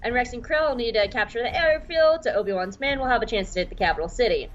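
Chatty woman host, fairly high voice, faint music underneath. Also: animated, fast talker, highs cut off. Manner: chatty, irreverent. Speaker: podcast host. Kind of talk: casual recap.

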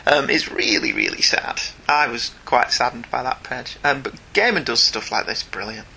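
Chatty British man with a bright edge. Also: mid-range voice, normal speed, vocal fry, breathy edge. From Britain. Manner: chatty, jokey, animated. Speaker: podcast co-host. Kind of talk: casual comics discussion.

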